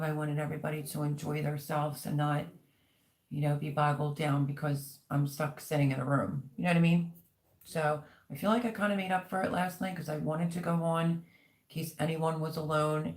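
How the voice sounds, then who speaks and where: A woman's voice: deep voice, little pitch movement, fairly quick, darkish tone. A middle-aged woman hosting a casual livestream, chatting and reading out viewer comments with lots of ums. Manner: chatty, rambling, many ums. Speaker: livestream host.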